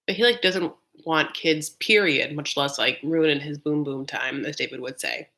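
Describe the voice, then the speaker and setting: A woman's voice: low-pitched, normal speed, sharp tone. A woman hosting a live reaction recap of a reality show, chatting in a gossipy, sassy way with her viewers.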